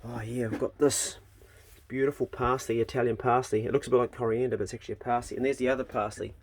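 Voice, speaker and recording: A man's voice: medium pitch, level tone, fast, slightly rough. A man, talking casually to his phone as he walks around his farm garden. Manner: laid-back, chatty, swears casually, talks to his dogs. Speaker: farmer vlogger. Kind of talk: casual walk-and-talk vlog. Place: farm garden and dog kennels, outdoors. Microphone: phone held while walking.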